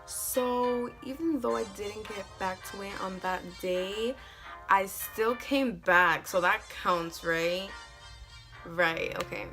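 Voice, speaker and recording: A woman telling a storytime vlog in an animated, profane, slangy way. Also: fairly low pitch. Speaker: vlogger.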